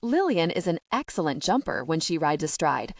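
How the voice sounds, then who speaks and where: A woman's voice: low-pitched, big pitch swings, normal speed, no room sound, clean studio sound, heavily acted. A woman voicing an earnest, worried younger sister who explains things at length.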